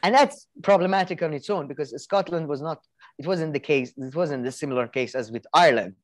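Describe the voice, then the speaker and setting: A man's voice: on the high side, brisk. A man co-hosting a podcast in casual chat, rambling with many restarts, fillers and the odd swear word. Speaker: podcast co-host.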